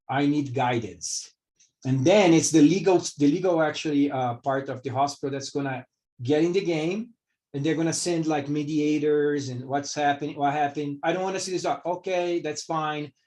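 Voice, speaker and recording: Brazilian-accented man, slightly high-pitched. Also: darkish tone. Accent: Brazilian Portuguese. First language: Portuguese. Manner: rambling, many fillers and restarts. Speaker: vascular surgeon. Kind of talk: candid interview answers.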